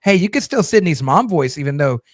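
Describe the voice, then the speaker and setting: A man chatting casually about a movie trailer in an animated way, restarting his sentences and saying "like" a lot. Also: a little high, a little fast, no room sound, clean studio sound. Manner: animated, repeats words and restarts, says "like" often. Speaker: podcast co-host.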